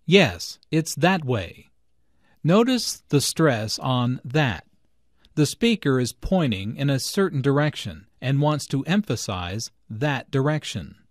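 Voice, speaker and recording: Man slowly reading language notes. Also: medium pitch, big pitch swings, no echo, clean studio sound. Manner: slow, clear explanatory delivery. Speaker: English teacher. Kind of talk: scripted lesson narration.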